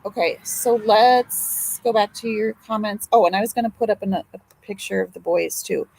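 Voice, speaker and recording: A woman's voice: medium pitch, moderate pace, gravelly, a little mellow, husky, rough recording. A grandmother hosting a casual livestream, talking emotionally and chattily to her viewers. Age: older. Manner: emotional, chatty, swears and apologizes. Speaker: livestream host.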